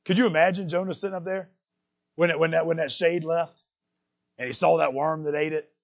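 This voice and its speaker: A man preaching a sermon, emphatic and direct, swinging between loud and hushed lines. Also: on the high side, steady tone, a little fast, gravelly, dull audio. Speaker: pastor.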